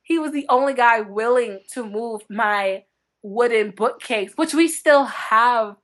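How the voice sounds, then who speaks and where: A young woman from North Dakota, a book blogger guest telling animated stories in casual interview chat, laughing often. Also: fairly high pitch, measured pace.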